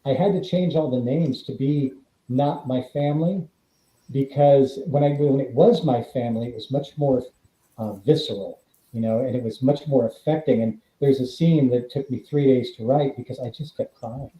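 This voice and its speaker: A male guest from California who acts and writes chats informally at a moderate pace and medium pitch. He's a lively storyteller, imitating the voices of those he quotes. The remote sound is dull, with a roomy feel.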